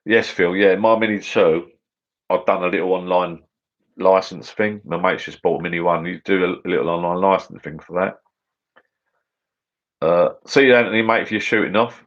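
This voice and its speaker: A man's voice: deep voice, steady tone, moderate pace. A middle-aged English man hosting a casual livestream from his garden bar, chatting and answering viewers in a rambling, matey way. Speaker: livestream host. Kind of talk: casual live chat reading viewer comments. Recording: dull lo-fi livestream audio.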